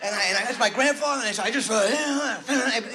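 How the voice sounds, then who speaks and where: A man's voice: extremely high pitch, quick pace, bright, forceful tone. A man doing a rambling, neurotic stand-up comedy routine, interrupting himself. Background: audience laughter.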